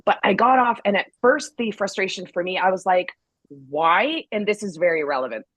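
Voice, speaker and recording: A woman's voice: mid-range voice, quick pace, breathy edge, no room sound, low-quality recording. Woman podcast cohost, chatty and frank, slight cold, dry close sound. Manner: candid, animated storytelling with acted-out quotes. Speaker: podcast co-host. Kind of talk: casual chat.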